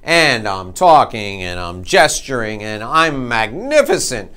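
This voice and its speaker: A man giving a sales training talk, telling an energetic, self-mocking story in a conversational way. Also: lowish voice, measured pace.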